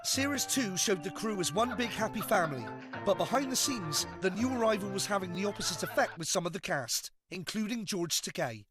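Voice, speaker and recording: Excitable english presenter guy, high voice, loud music under him. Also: a little fast. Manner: excitable, high-energy and jokey. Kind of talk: comic documentary narration and presenting.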